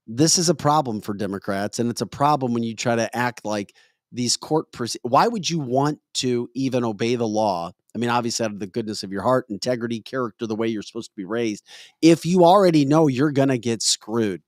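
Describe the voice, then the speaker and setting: A man's voice: mid-range voice, brisk, no room sound, studio quality. A man hosting a political commentary podcast, making his points with emphatic, opinionated commentary. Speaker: podcast host.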